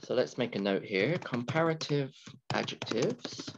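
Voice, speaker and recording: A male English teacher gives a recorded grammar lecture at a very unhurried pace, repeating and drawing out key words so students can follow. The sound is dull and lo-fi, with keyboard typing now and then. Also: mid-range voice, lively intonation, vocal fry, background noise. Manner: slow, deliberate, repeats key words and stretches them for emphasis.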